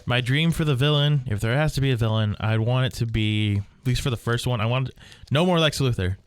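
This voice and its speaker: A man's voice: medium pitch, brisk, clear, resonant tone, no echo. A young man hosting a casual podcast chat about comics, rambling with fillers and restarts. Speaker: podcast host.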